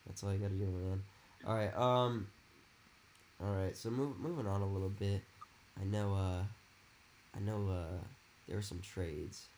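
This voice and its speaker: Lowish man rambling with faint background noise. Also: fairly even intonation, a little slow, long pauses, darkish tone. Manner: rambling, leans on "it's like" and "you know". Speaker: podcast guest. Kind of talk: casual fantasy football chat.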